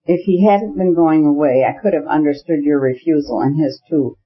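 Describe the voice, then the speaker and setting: A man reading the part of a fashionable, ironic society princess in an audiobook, with a smooth, knowing manner. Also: deep voice, normal speed. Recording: dull lo-fi audiobook recording.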